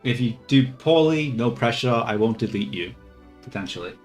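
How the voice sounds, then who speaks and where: A man's voice: medium pitch, lively intonation, moderate pace, soft background music. A man in casual chat, testing AI voices, rambling and swearing.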